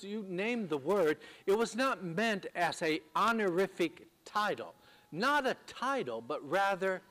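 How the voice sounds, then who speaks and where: A man preaching a sermon, teaching in a measured way with frequent fillers and repeated words. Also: on the high side, a bit bright. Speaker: pastor.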